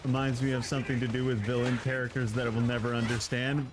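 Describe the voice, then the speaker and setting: A man's voice: medium pitch, level tone, quick pace, background noise. A man streaming a game live, chatting with viewers and joking around. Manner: playful, joking, laughs often. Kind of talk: casual live gameplay commentary.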